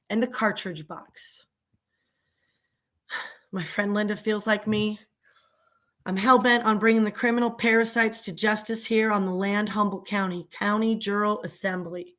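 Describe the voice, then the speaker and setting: A woman's voice: mid-range voice, steady tone, a little slow, long pauses, fairly bright tone. A woman ranting angrily on a live stream, upset and indignant, repeating herself. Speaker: vlogger. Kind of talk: emotional live stream rant.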